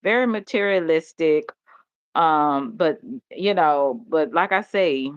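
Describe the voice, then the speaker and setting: Woman, very low voice, dry close sound, dull lo-fi recording, candid rambling chat. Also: lively intonation, takes it slowly, dry recording. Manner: candid, rambling, laughs often. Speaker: host. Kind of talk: casual chat. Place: home.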